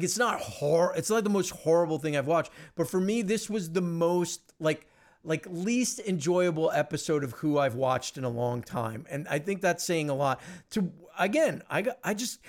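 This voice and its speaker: Rambling, animated podcast host man. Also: high-pitched. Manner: animated, rambling with many fillers and restarts. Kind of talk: casual chat.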